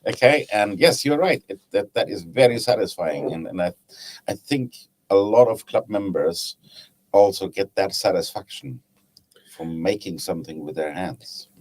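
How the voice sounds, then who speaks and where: A man with a German accent speaks in a fairly low voice that moves a lot in pitch. He tells stories in a relaxed, chatty way and laughs at his own anecdotes. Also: normal speed, poor audio. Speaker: woodturning club guest. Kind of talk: casual storytelling chat.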